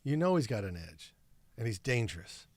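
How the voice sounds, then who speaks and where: A man hosting a podcast in casual chat, playful and acting out little bits with loud exclamations. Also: medium pitch, very animated, normal speed, dry recording. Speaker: podcast host.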